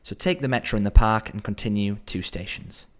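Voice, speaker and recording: A man teaching Spanish in a relaxed, explanatory way, slowing down to sound out phrases and thinking aloud as he goes. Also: lowish voice. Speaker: Spanish tutor. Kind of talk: explanatory language lesson.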